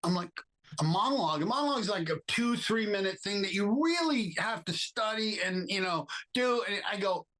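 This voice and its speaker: A man with a slightly high voice tells stories in an interview, pausing often on fillers and restarts. He acts out the people he quotes with sudden jumps in pitch, which gives his storytelling an animated feel. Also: poor audio. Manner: many fillers and restarts, reflective. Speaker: actor interviewed as guest.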